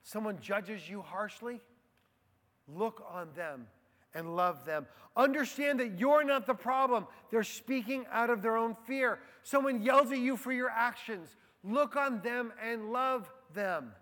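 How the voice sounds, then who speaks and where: A man preaching a sermon as a pastor, slow and deliberate, letting key phrases fall soft and quiet. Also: very high-pitched. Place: church. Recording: long hall reverb.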